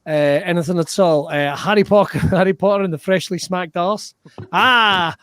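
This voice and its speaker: A man hosting a live online comedy show over a video call, giggly and excitable, swearing playfully. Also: high-pitched, fairly quick, clear, resonant tone, dry recording. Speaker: host.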